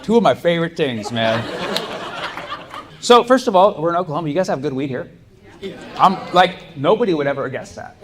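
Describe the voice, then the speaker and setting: A man's voice: fairly high pitch, lively intonation, brisk, long pauses. A man doing a stand-up set in a comedy club, chatting with the crowd in a loose, laid-back way, full of likes and you-knows, often laughing. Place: comedy club stage with an audience. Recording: live club room with noise.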